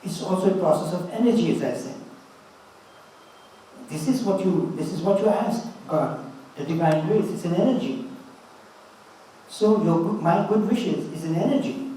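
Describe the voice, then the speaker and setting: Elderly man in his eighties, warm fatherly speaker, high soft voice, far from the mic in a roomy hall. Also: expressive, moderate pace, long pauses, slight background noise. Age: 80s. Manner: storytelling, fatherly and earnest. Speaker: speaker giving a talk. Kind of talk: motivational spiritual talk. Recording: roomy, distant mic with faint ambience.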